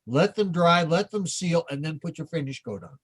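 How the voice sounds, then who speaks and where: A man, a guest model kit maker, talking in a halting way with many restarts in a casual group chat. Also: on the high side, animated, slightly rough.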